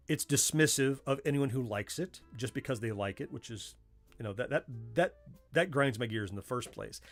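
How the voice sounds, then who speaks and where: A middle-aged man with a Southern US accent, hosting a casual livestream from a home workspace and chatting in a way that wanders off on tangents. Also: mid-range voice. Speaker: livestream host.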